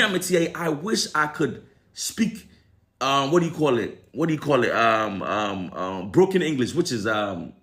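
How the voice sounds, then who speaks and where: A young man with a Ghanaian accent tinged with American, ranting in an opinion commentary full of rhetorical questions. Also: mid-range voice. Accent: Ghanaian with some American. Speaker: commentary vlogger.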